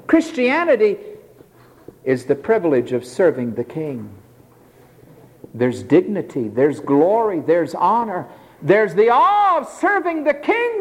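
A man's voice: fairly high pitch, wildly swooping pitch, unhurried, pauses often. A man preaching a sermon in an emphatic, dramatic way. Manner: emphatic, dramatic, mimics pleading tones. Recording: long hall reverb.

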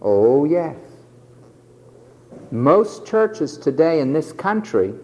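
Male preacher, high and lively pitch, emphatic delivery, long hall reverb. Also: very slow. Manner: emphatic, dramatic preaching that acts out quoted voices. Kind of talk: sermon.

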